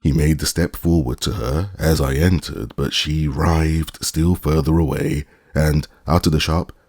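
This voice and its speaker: A male audiobook narrator with an extremely deep, husky, gravelly voice. He tells the story in a measured, deliberate first-person way. The sound is dry and close. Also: steady tone, darkish tone, no room sound.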